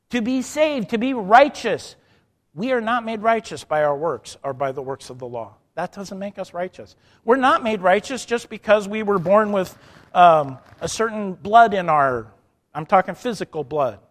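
A man preaching a sermon emphatically, dropping soft and then rising loud, acting out the people in his stories. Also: sits high, big-room sound. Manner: emphatic, swings from soft to loud, acts out quotes.

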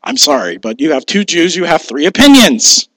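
A man's voice: on the high side, sing-song, normal speed, a bit bright, no echo, rough recording. A man, a pastor, preaching a sermon in a conversational way, asking rhetorical questions and laughing at his own asides.

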